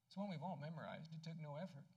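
A man preaching a sermon in a conversational way, asking his congregation questions and dropping soft and low when he tells personal stories. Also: expressive, fast, highs cut off. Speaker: pastor.

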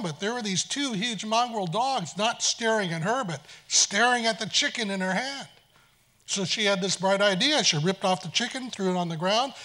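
A man on stage telling a dramatic story in a sermon, swinging between loud passages and hushed ones. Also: high-pitched.

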